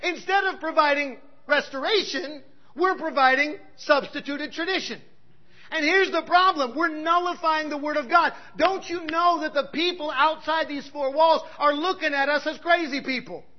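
A man preaching a sermon in a bold, conversational way, dropping in "right?" asides and swinging from loud exclamations to quiet remarks. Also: extremely high pitch, moderate pace, highs cut off. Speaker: pastor.

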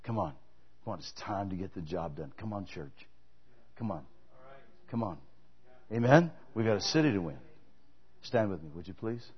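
A man's voice: sits low, expressive, normal speed, pauses often, slightly rough, lo-fi sound. A male pastor preaching a sermon, telling stories and emphatically urging his congregation to act. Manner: emphatic, exhorting, storytelling preacher.

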